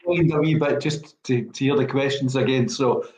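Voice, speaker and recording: A Glaswegian man in his sixties, a former footballer from Scotland, tells rambling stories full of fillers in a relaxed interview. His voice is medium-pitched and darkish, with fairly even intonation and a normal pace. The recording is reverberant, low quality, and carries a little hiss or hum.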